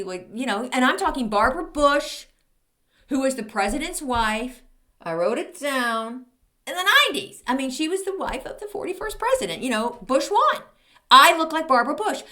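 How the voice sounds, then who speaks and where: Woman, 50s, podcast host; sarcastic storyteller with a lively, swooping voice. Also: high-pitched. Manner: snarky, animated, exasperated. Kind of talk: comedic storytelling monologue.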